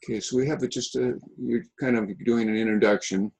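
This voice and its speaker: Casting: male instructor, halting delivery, full of fillers and restarts, video call audio. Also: medium pitch, fairly even intonation, creaky, darkish tone, slightly rough, low-quality recording. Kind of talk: online class feedback session.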